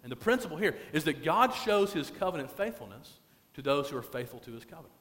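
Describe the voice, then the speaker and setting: Male pastor, lively sermon delivery, slightly high voice, long hall reverb. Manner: animated preaching, stretching key phrases slowly.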